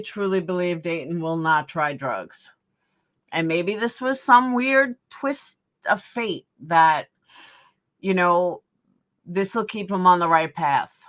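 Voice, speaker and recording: A woman's voice: on the low side, a bit bright. A middle-aged woman with a New York accent, chatting bluntly on a live stream and answering viewer comments. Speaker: livestream host. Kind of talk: casual live-stream chat.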